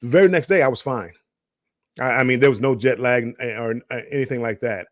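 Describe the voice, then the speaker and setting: A man's voice: medium pitch, fairly quick, no room sound, studio quality. A middle-aged man co-hosting a live cruise chat, telling stories in a rambling way with many restarts and repeated words. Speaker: cruise show co-host. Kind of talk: casual live-stream chat.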